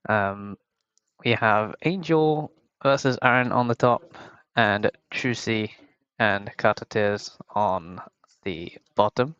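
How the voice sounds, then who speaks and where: A man's voice: on the low side, slow, fairly bright tone, clear, resonant tone, no echo, dull audio. A young man from the UK on a headset mic, casually commentating a game tournament alone, rambling and poking fun at himself. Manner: rambling, self-mocking, chatty.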